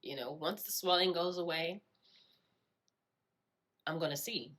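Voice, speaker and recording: A woman telling her own life story in a reflective way, often repeating phrases and filling pauses with "you know". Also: lowish voice, fairly bright tone. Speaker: storyteller sharing her experience. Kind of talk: personal storytelling.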